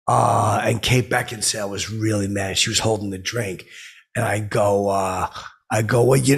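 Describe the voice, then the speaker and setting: A man's voice: fairly low pitch, creaky, a bit bright, slightly rough, exaggerated voice. A man playing an oblivious, boastful washed-up stand-up comedian who rambles self-importantly with lots of filler. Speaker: podcast host. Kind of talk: improvised comedic monologue.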